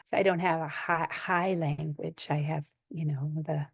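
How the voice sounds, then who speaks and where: A woman from the United States, a podcast guest telling animated anecdotes in conversation and laughing often. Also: sits low, a little slow, creaky, husky, no echo. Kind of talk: conversational storytelling.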